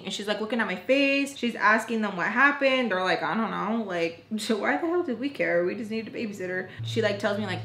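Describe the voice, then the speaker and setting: In a chatty storytime vlog, a young woman recounts a personal story, quoting people in her own voice and sighing often. She talks briskly in a slightly high, somewhat bright voice. She's in an echoey room indoors, with rain audible outside.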